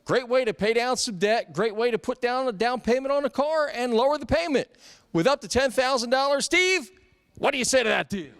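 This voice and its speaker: Upbeat announcer guy hosting a car ad, super high clear voice, dry close sound. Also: animated, fairly quick, fairly bright tone, no echo. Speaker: TV commercial host.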